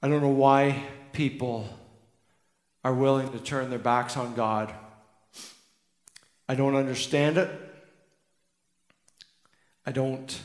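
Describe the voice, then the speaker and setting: A pastor preaches in a church sanctuary, his mid-range voice steady and slow with frequent pauses. He's earnest and emphatic, repeating key lines for weight, and the hall's echo leaves a long reverb.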